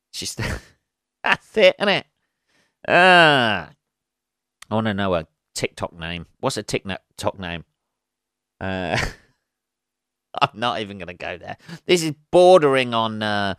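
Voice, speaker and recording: A man's voice: on the low side, fairly bright tone, smooth, dry recording, studio quality. Crude, rambling man. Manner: crude, rambling, laughs at his own jokes. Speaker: podcast host. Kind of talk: solo comedy podcast monologue.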